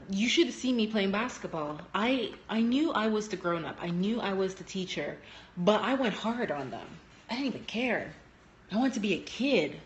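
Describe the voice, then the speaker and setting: A young woman who works as a teacher, talking casually on a phone live stream at home, telling lively stories and acting out what people said. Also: slight background noise. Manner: animated storytelling, acting out quotes with big pitch jumps.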